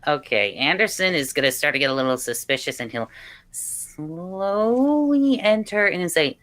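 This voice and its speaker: A man's voice: on the high side, expressive, unhurried, pushed and bright. A young man playing a tabletop role-play game, hesitant and full of ums as he voices his character. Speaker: player.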